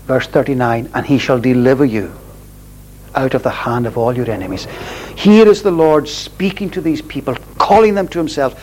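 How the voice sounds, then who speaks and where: A man delivers a sermon with slow, deliberate emphasis, leaning hard on repeated phrases. His voice sits a little higher than most men's. A faint hum runs under the recording. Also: a little mellow, low-quality recording. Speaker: preacher.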